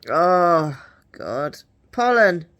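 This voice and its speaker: A woman's voice: on the low side, very animated, extremely slow, a bit bright, lo-fi sound. A woman chatting casually in a home vlog, rambling and giggly, her voice a bit nasal from hay fever. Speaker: vlogger.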